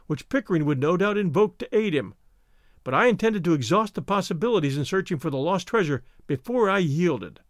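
Lively, higher-voiced male storyteller. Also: no echo, studio quality. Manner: expressive, voices the characters' quarrels. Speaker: audiobook narrator. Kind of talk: scripted narration of a classic novel.

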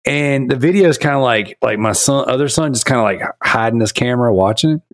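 A man's voice: mid-range voice, fast, dry recording, clean studio sound. A man in his thirties hosting a podcast, telling funny stories in casual chat with a lot of laughter. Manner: animated, laughing storyteller. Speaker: podcast host.

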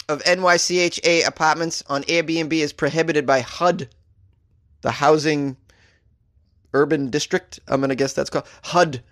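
A man's voice: fairly high pitch, no echo, clean studio sound. A man from Boston with a Boston accent, hosting comedic news commentary, sarcastic and laughing between jokes. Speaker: host.

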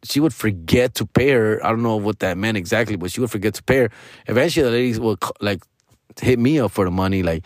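A man's voice: on the low side, sing-song, fast talker, gravelly, dry recording, studio quality. A man in his forties telling a casual story, full of slang and tossing in Spanish now and then. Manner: slangy, peppers talk with "dog" and "bro"; switches into Spanish mid-story.

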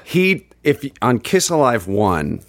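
A man, a guitarist, chats casually on a podcast in a laid-back way. His hoarse voice is lively, rising and falling widely. He sits at a middle pitch. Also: a little slow. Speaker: guitarist, co-host. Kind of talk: casual chat.

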